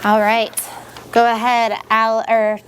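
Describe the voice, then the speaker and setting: A woman's voice: on the high side, monotone, takes it slowly, a little hiss or hum. A woman teaching young students in a classroom, leading them patiently with repeated questions.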